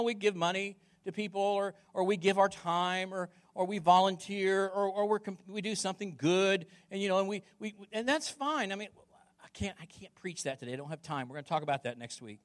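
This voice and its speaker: A male pastor preaching with a high voice that swings widely in pitch. He is emphatic, doubles back on his words, and fires questions at the listeners. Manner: emphatic, repeats words, asks the congregation questions. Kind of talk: sermon.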